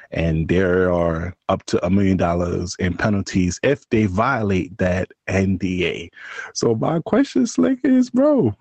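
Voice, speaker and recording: A man's voice: deep voice, darkish tone, slightly rough, no echo. A man co-hosting a podcast, joking crudely in casual chat and laughing often. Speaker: podcast co-host.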